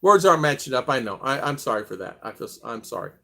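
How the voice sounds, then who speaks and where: A man's voice: fast, creaky. An older American man hosting a casual live stream, rambling as he reads viewer comments aloud. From United States. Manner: rambling, reads chat aloud, lively pitch swings.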